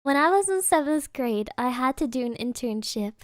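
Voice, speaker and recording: High-voiced, giggly woman streamer. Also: expressive, moderate pace, dry recording, clean studio sound. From Germany. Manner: giggly, laughs mid-sentence, drops Japanese interjections. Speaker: VTuber streamer. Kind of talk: casual storytelling chat.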